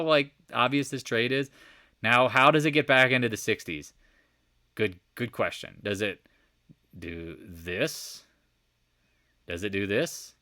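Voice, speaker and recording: A man giving a casual, animated stock market recap over charts, joking and swearing as he goes. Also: mid-range voice, a little slow, no echo, studio quality. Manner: animated, profane, joking asides.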